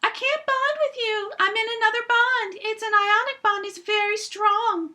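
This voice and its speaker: A woman voicing a cheerful little female toy bear in a high, squeaky, sing-song voice. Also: fairly even intonation, normal speed, sharp tone. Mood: coy.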